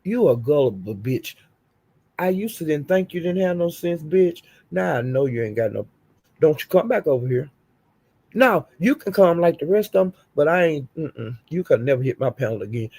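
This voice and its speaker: A middle-aged woman hosts a livestream with a gravelly, fry-heavy voice. She scolds and curses hard, and every line is emphatic. The sound is close and dry. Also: low-pitched, big pitch swings, moderate pace, dark tone, dry recording. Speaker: livestream host. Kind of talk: heated livestream rant.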